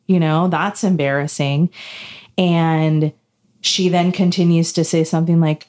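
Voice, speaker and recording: Low-voiced woman telling a story. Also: measured pace. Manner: animated storytelling, acting out quoted dialogue. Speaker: podcast co-host. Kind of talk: casual chat, telling a personal story.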